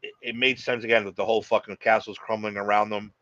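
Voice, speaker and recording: A man's voice: lowish voice, flat delivery, quick pace, muffled recording, a loud crowd. Blunt, profane male podcast co-host. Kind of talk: casual chat.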